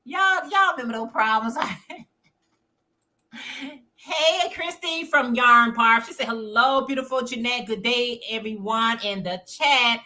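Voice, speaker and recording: A woman's voice: sits high, measured pace, pushed and bright. A woman hosting a casual livestream, chatting informally and reading viewer comments aloud. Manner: reads chat messages aloud, chatty and informal. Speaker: livestream host.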